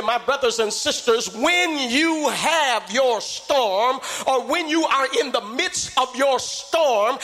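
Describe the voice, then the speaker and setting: High, bright-voiced preacher man shouting. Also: slight background noise. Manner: preaching in rising calls, shouting and half-singing. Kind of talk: sermon.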